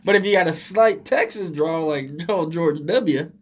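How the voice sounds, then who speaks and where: A man with a somewhat high voice co-hosts a casual podcast, answering with short wisecracks and quick interjections. He is from Oregon and keeps his remarks brief and dry. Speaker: podcast co-host. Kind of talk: casual chat.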